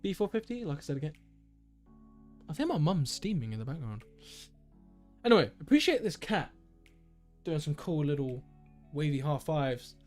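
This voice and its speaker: A man's voice: on the high side, very animated, normal speed, long pauses, soft background music. Rambling young man streaming. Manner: rambling, self-correcting, enthusiastic. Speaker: tech livestreamer. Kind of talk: casual live-stream chat. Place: at home.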